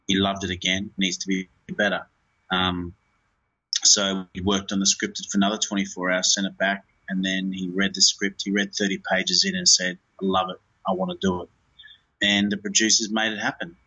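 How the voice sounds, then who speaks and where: A man's voice: sits low, completely flat delivery, moderate pace, sharp tone, slightly rough, lo-fi sound. A man, a film director, talking in an interview in a rambling way, with many fillers and restarts.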